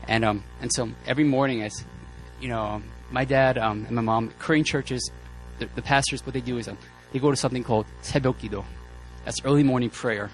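A man delivers a sermon built on personal stories, casual and joking, animated and full of fillers and restarts. His mid-range voice is brisk with hardly any pauses, and faint music plays behind him.

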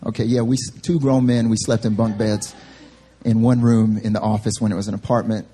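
A young adult male pastor preaching a sermon at a church service, telling a funny story about himself in an animated way. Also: lowish voice, fairly quick, husky. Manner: animated, self-deprecating storytelling. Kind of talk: sermon with humorous personal story.

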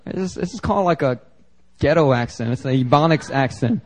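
A pastor from Philadelphia preaching a sermon to a congregation, emphatic and conversational, with slangy asides. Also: male voice, mid-range voice, animated, fairly quick. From Philadelphia, United States. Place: church service before a congregation.

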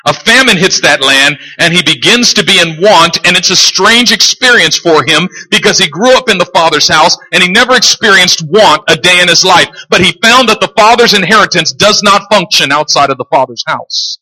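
A man preaching a sermon in a lively, animated way, joking and acting out characters in the stories he tells. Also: high-pitched, moderate pace, few pauses. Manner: animated, jokes and acts out quoted characters. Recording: long hall reverb.

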